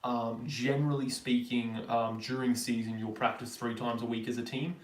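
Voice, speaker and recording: A man's voice: mid-range voice, level tone, moderate pace. Australian man in a roomy, distant stream mic. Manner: chatty, reads out viewer questions and answers them. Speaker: livestream host. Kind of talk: casual live Q&A.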